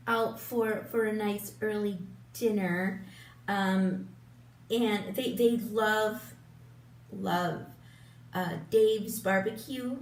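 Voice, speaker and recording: Slow, chatty woman in her fifties. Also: fairly high pitch, a little mellow. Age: 50s. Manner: chatty, rambling, with frequent ums and restarts. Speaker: beauty vlogger. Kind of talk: casual get-ready-with-me chat. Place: room at home in front of a big lit mirror. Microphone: camera a little way off, turned sideways. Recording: roomy echo, voice a bit distant from the mic.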